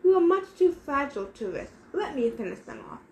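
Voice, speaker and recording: A man's voice: very high voice, sing-song, a little fast, lo-fi sound, pitched above the performer's own voice. A woman voicing a cruel, scheming male soldier with a French accent in a read-aloud story. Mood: mocking. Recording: roomy echo.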